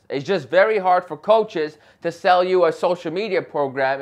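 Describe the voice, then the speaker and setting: A young man talking straight to camera in an advice vlog, passionate and emphatic, often checking in with "right?". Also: a little high. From Chicago area. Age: young adult. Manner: passionate, emphatic, talks loudly with frequent "right?". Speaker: real estate agent and vlogger.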